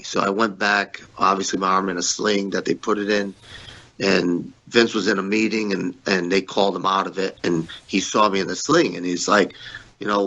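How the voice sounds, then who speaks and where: A man with a lowish, forceful voice tells candid stories from his past. He is blunt and swears often, and his voice jumps up when he acts out the people he quotes. The audio is dull and lo-fi. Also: brisk. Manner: blunt, profane, animated when quoting others. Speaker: guest, former pro wrestler. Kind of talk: candid storytelling interview.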